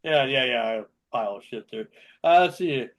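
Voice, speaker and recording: A man hosting a casual local radio show, chuckling often and reading tongue twisters out slowly. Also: mid-range voice, lively intonation.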